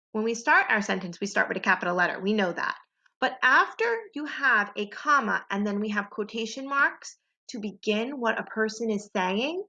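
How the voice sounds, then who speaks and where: Woman, primary teacher reading slowly to small kids, bright animated delivery, dull lo-fi home recording. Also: a little high. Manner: slow, clear, exaggerated sentence modeling for young kids. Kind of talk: children's phonics lesson.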